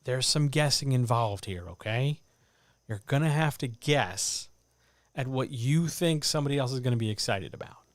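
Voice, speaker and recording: A man coaching writers in a livestreamed talk, animated and addressing listeners directly, with muttered asides to himself. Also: mid-range voice, normal speed, no echo. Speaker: writing coach. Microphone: desk microphone.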